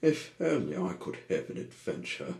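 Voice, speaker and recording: A man voicing a small, discontented young male tugboat in a storybook reading, his voice lifted higher than his narration. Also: very animated, normal speed, gravelly, darkish tone, full character voice. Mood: bored. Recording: echoey room.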